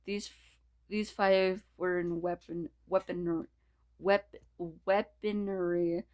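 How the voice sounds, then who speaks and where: Woman reading fan fiction aloud; low voice, slow, stumbles and restarts often. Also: steady tone, a little mellow, clean tone. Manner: stumbling, restarting, laughing asides. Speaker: reader.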